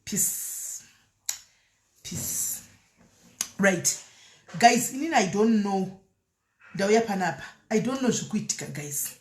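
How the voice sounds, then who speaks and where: A woman's voice: mid-range voice, expressive, normal speed, roomy sound. Chatty woman live-streaming. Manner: chatty, mixes Shona with English, laughs often. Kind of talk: casual live-stream chat, reading comments.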